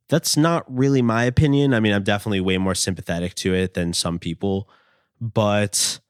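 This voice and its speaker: A young man hosts a podcast in a very low voice, talking casually and rambling with plenty of fillers and the odd curse word. The sound is close and dry, with no room to it. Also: clean tone, no echo. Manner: rambling, lots of "like" and "you know", casual swearing. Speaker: podcast host.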